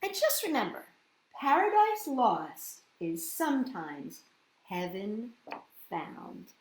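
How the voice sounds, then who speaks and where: A woman hosting a children's story reading, gentle and sing-song, often asking her listeners questions. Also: fairly high pitch, wildly swooping pitch, takes it slowly, slight background noise. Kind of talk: children's storybook read-aloud. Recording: roomy echoey room.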